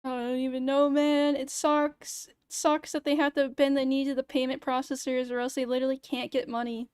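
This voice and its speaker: A young woman with a high, smooth and clear voice, chatting casually on a livestream. She rants with a sarcastic edge and swears often. Her voice is recorded close and dry, with no room sound. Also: little pitch movement, fairly quick, a little mellow, dry recording. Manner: ranting, sarcastic, swears a lot. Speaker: VTuber streamer.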